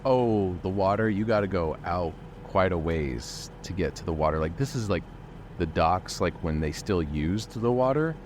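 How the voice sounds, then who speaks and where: Low-voiced man playing a game. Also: expressive, normal speed, background noise. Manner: casual, swearing, joking in character. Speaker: player. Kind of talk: improvised tabletop role-play.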